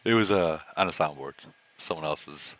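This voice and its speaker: A man's voice: very deep voice, normal speed, a bit bright. A man in a casual voice chat, loose and chatty, who laughs easily and trails off mid-sentence.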